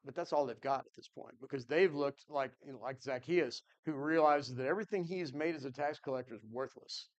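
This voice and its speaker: A man's voice: mid-range voice, brisk, hardly any pauses. A man teaching a Bible class in an earnest, conversational way, thinking aloud and answering his class.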